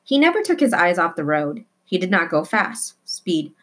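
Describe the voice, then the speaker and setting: A woman reading a children's novel aloud with expressive delivery, slowing down for emphasis. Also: lowish voice, a little hiss or hum. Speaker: reader.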